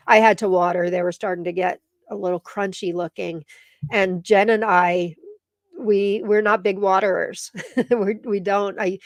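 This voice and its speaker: A woman's voice: mid-range voice, dry recording, clean studio sound. A middle-aged woman hosting a casual live stream, teary and emotional as she reads viewer comments aloud. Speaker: live show host.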